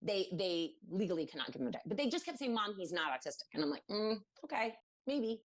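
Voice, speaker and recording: A woman's voice: on the low side, very fast. A woman from Maryland, a podcast guest, telling a personal story in a casual interview, acting out what others said, with many fillers. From Maryland, USA. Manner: animated, acts out quoted voices, many fillers.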